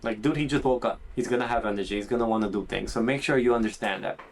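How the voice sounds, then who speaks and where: A man hosting a podcast and giving casual training tips. He talks in an animated way and acts out what owners and puppies might say. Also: mid-range voice, fast talker, slight background noise. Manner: animated, acts out puppy and owner voices, says "dude" and "transparently speaking". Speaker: dog trainer and podcast host. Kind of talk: casual instructional podcast talk.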